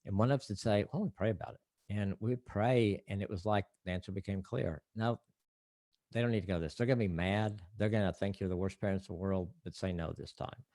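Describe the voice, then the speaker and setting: A man's voice: on the low side, a little fast, mellow, no echo. An older man, a marriage counselor, talking earnestly and reflectively in a casual podcast interview, often restarting his thoughts.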